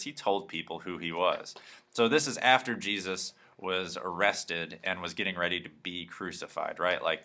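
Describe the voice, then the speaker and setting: A man's voice: low voice, bright, forceful tone. A man teaching a Bible lesson to a youth group in a casual, conversational way, often checking in with "right?".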